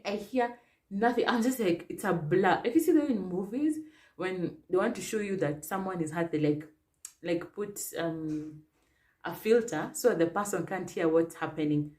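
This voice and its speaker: A young woman with a Kenyan accent, telling a personal story to camera in a chatty, animated way with lots of fillers. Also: fairly low pitch, moderate pace. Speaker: vlogger.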